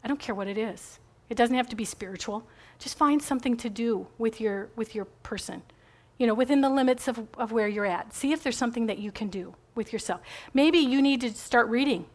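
A woman's voice: fairly high pitch, fairly quick. A middle-aged woman giving a chatty, rambling faith talk to a group, encouraging and full of asides.

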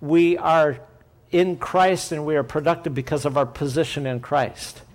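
A man's voice: fairly high pitch, steady tone, normal speed. A man giving a sermon-style Bible teaching, explaining patiently and thinking aloud with restarts.

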